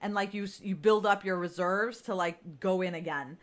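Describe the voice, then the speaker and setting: A woman's voice: mid-range voice, normal speed. A woman co-hosting a casual chat, talking candidly and rambling, swearing freely and sounding tired. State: nauseous, tired. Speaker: podcast co-host.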